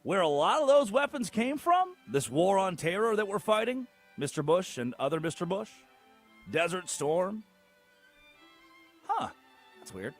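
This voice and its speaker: A man hosting a sports talk show, delivering a theatrical monologue full of sarcastic rhetorical questions and big swings in loudness. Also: high-pitched, sing-song, measured pace, soft background music. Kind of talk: animated monologue.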